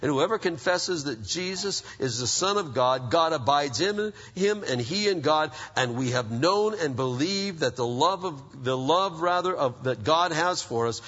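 A middle-aged male pastor delivers a sermon in an animated, conversational manner, tossing rhetorical questions at the congregation. His voice is bright with a husky edge. The sound is dull and carries a long reverb, like a church hall. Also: on the high side, measured pace.

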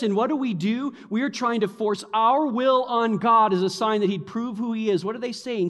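A man preaching a sermon, animated, acting out the taunts of the mockers in a mocking voice. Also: high voice, fairly quick, few pauses. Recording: long hall reverb.

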